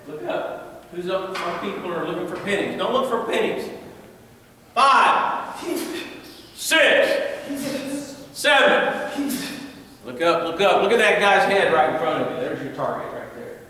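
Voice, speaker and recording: A man's voice: high voice, a little fast, a bit bright, slight background noise. A man teaching a martial arts class, coaching students through drills and calling out counts with playful asides. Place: large indoor training hall. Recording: roomy echoing hall, mic far off.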